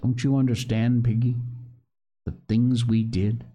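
A man voicing a shaken boy leader who speaks low and halting, full of despair. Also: flat delivery, mellow, natural voice. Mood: stricken.

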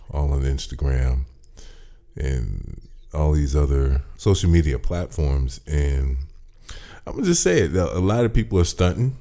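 Man, American accent, podcast host, very low voice, mellow tone, laid-back casual chat. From United States. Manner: laid-back, talkative, personable.

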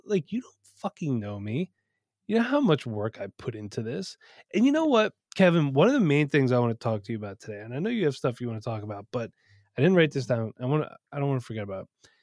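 A man's voice: mid-range voice, very animated, fast talker, a little mellow, no echo, clean studio sound. Candid, cursing man chatting on a podcast. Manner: candid, profane, storytelling. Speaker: podcast co-host. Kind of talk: casual chat. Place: home studio.

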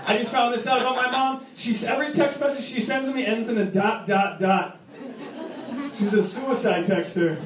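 High-voiced young comic from Rhode Island. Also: male voice, steady tone, a crowd in the background. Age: 20s. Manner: wry, quick storytelling punctuated by jumps into loud punchlines. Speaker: stand-up comedian. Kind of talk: stand-up set. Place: comedy club stage. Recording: echoey club recorded from a distance, audience laughter.

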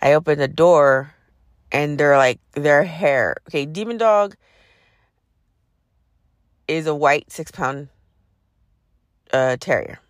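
Speaking slowly with long pauses, a low-pitched woman hosts a podcast and animatedly retells a personal story, full of sarcasm and swearing. The audio is studio quality with no echo.

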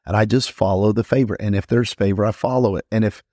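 Brief: male pastor-host, deep voice, emphatic repetition, dry booth sound. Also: steady tone, dark tone, no echo. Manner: emphatic, repeats phrases for effect; frequent quick restarts and stammers. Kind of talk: conversational teaching podcast.

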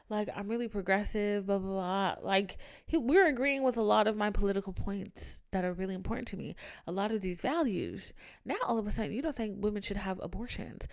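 A young woman hosting a podcast, telling a candid story in a casual chat, animated and swearing freely, with big swings in pitch and loudness. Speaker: podcast host.

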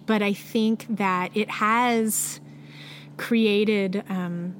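A woman lactation consultant speaks as a podcast guest, explaining in a measured way and affirming the host with frequent short yeses. Her pitch is in the middle range for a woman. Faint background noise sits under her voice. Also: fairly even intonation. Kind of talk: conversational interview.

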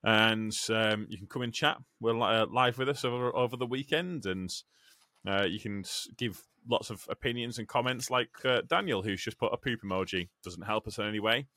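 A man's voice: on the low side, normal speed, pushed and bright, no echo. A man co-hosting a podcast in casual banter, joking and swearing freely while stumbling over his words. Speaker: podcast co-host.

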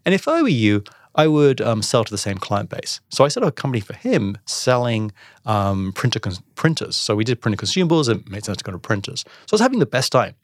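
A man telling a personal business story in a casual interview, acting out the dialogue with animated voices. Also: on the low side, quick pace, no room sound, clean studio sound. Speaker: podcast guest, entrepreneur.

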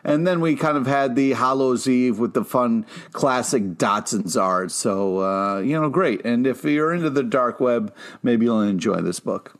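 A man with a mid-pitched voice chats casually on a comic book podcast. He talks loosely, with slang, casual swearing and plenty of filler words. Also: lively intonation, unhurried, hardly any pauses. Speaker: podcast co-host.

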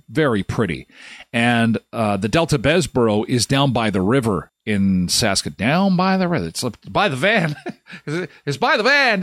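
A Canadian man in his fifties hosts a casual solo live daily talk show, rambling and joking through his stories with quick asides. His voice is medium-pitched, recorded at studio quality with no room sound.

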